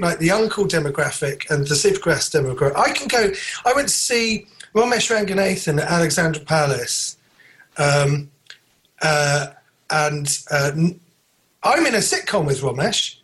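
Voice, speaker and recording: British male comedian, animated sweary storyteller, casual chat. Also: on the high side, moderate pace. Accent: British English. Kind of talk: casual anecdote on a podcast.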